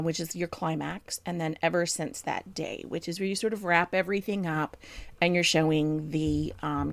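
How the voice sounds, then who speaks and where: A woman's voice: sits low, gravelly, no echo. A woman co-hosting a chat show, explaining writing craft in a thoughtful way with frequent ums. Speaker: podcast co-host, book editor.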